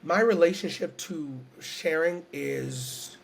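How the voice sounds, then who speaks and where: A man's voice: on the high side, takes it slowly, creaky, slight background noise. Interviewgast, man uit Houston, Texas, oprecht en emotioneel, iets hogere stem, zachte achtergrondruis. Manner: earnest, searching, repeats phrases, emotional. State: close to tears. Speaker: guest storyteller and entertainer. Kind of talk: reflective conversational interview.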